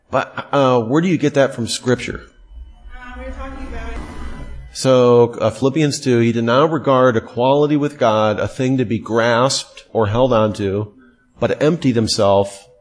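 A middle-aged man teaching a theology class at a steady middle pitch. He quizzes his listeners with pointed questions and repeats key terms for emphasis.

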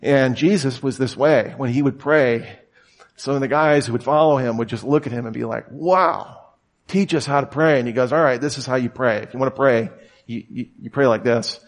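A man's voice: mid-range voice, normal speed. A man in his thirties giving a conversational sermon, telling stories in a casual way and acting out the voices he quotes. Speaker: preacher.

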